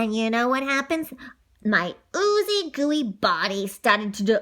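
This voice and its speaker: A woman telling a children's story in an improvised, halting, giggly way. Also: fairly high pitch, very animated, a bit bright.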